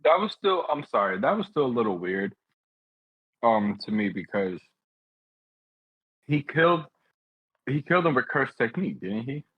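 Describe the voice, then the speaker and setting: A man's voice: mid-range voice, big pitch swings, normal speed, long pauses, slightly rough, no echo. A man co-hosting a podcast, asking hesitant questions in casual chat over dull lo-fi audio. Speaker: podcast co-host.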